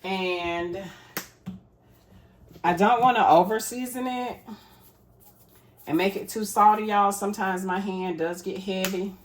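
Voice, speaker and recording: A woman's voice: medium pitch, steady tone, slow, pauses often, slight background noise. A woman, chatting casually to viewers while she cooks in her home kitchen and calls them y'all. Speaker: cooking vlogger. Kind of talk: casual cooking chat.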